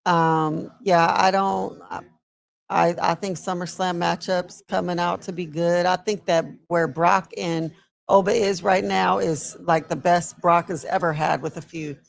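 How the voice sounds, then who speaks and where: A woman's voice: fairly low pitch, steady tone, a little slow, gravelly. A woman co-hosting a wrestling watch-along stream, chatting casually and answering comments from the chat.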